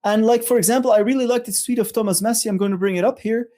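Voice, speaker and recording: A co-host in a casual talk show speaking in a reflective, halting way and often pausing to find the words. The voice is mellow and mid-pitched. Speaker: podcast co-host. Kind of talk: casual chat.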